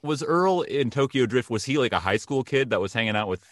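A man's voice: mid-range voice, expressive, a little fast, no room sound. A man casually chatting about a movie trailer as a co-host, rambling with frequent fillers and restarts. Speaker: podcast co-host.

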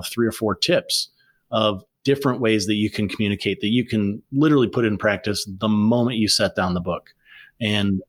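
A man talking as a guest author, telling stories in a lively, animated way with frequent restarts. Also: on the low side. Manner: animated storyteller, many restarts. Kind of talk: conversational interview.

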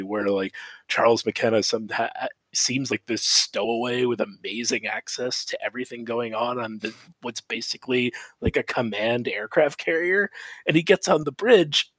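A man casually recapping episodes of a show on a podcast, rambling with restarts and quick laughing asides. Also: medium pitch, no echo. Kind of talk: casual chat.

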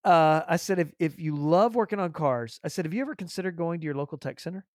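A man hosting a podcast, telling a story with lively acted-out dialogue and frequent repeated words. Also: a little high, fast talker, no room sound, clean studio sound. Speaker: podcast host. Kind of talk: casual storytelling interview.

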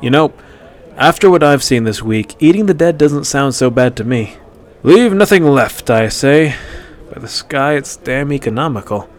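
A man's voice: mid-range voice, moderate pace, close to an everyday voice. A man voicing a wry, easily flustered male hunter in a storybook reading. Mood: dry.

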